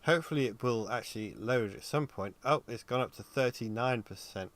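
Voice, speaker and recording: A man's voice: medium pitch, fairly bright tone. Tired man rambling through a livestream. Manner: thinks aloud, halting with ums while working. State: tired and yawning. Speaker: 3D animator livestreaming his work. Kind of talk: casual livestream commentary.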